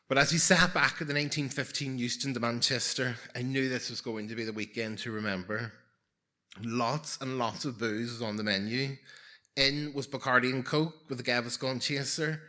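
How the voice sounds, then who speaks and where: A man's voice: mid-range voice, pushed and bright. A man in his forties telling a personal story live on stage, with wry, self-mocking humour and comic timing.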